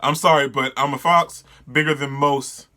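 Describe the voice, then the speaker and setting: A timid, awkward young wolf student, read aloud by a man. The delivery stays plain and close to an ordinary speaking voice, fairly high and very bright. It sounds like a comic being read aloud rather than performed. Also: fairly even intonation, moderate pace. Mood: nervous.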